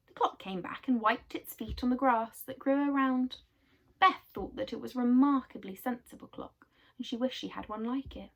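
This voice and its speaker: Woman reading a kids' book out loud, soft and expressive, kinda high. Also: moderate pace, creaky. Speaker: storyteller. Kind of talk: reading a children's book aloud.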